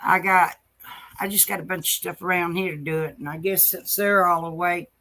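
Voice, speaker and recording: A woman's voice: fairly low pitch, fairly even intonation, fairly quick, pushed and bright. A woman hosting a casual livestream from home, folksy and affectionate as she talks to her chat and her dogs. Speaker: livestream host.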